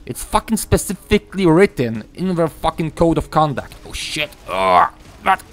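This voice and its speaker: A young man giving a ranting gameplay commentary, frustrated and swearing, halting with many fillers. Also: a little high, very animated, faint music behind. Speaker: gaming YouTuber.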